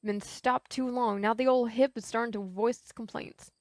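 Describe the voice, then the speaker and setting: A woman's voice: fairly high pitch, fairly even intonation, moderate pace, no room sound, close to an everyday voice. A woman voicing a stern, folksy old rural man with a drawl. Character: gruff old rural man with a bad hip.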